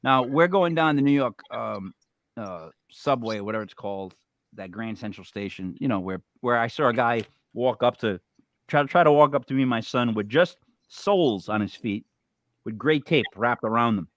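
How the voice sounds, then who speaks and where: A man's voice: mid-range voice, normal speed, no room sound. A man hosting a casual fantasy football podcast, telling stories and ranting with swearing. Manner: animated, swears when ranting. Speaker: podcast host. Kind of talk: casual sports podcast chat.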